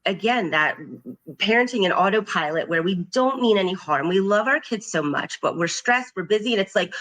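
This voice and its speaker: A middle-aged woman speaking as a parenting coach in a podcast interview. She talks earnestly and reflectively, at an ordinary pitch, often acting out little things she says to her kids. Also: animated, fairly quick, a bit bright. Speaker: guest, parent coach and occupational therapist.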